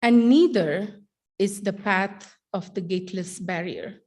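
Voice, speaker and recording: Delivering a keynote, a middle-aged teacher speaks in a normal mid-range pitch and tells her material as lively stories. Wry humor and carefully placed dramatic pauses carry her points.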